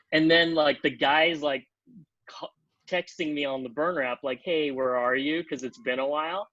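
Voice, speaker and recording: On a podcast, a guest who writes TV comedy tells a long, casual anecdote with lots of animation. He acts out other people's quotes in pitched-up voices and leans heavily on "like" as a filler. The recording is dry with the highs cut off.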